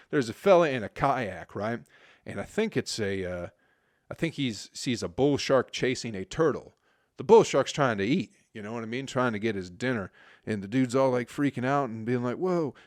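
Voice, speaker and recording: This podcast host is a man in his forties from Michigan, speaking alone in a fairly low voice. The studio recording is clean with no echo, and his profane, rambling talk is crude and fades into mumbling.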